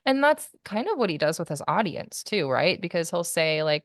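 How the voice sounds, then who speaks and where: A woman's voice: fairly low pitch, sing-song, normal speed, no echo, clean studio sound. A woman guest giving a candid personal account in an interview, rambling and full of fillers like "like" and "you know.".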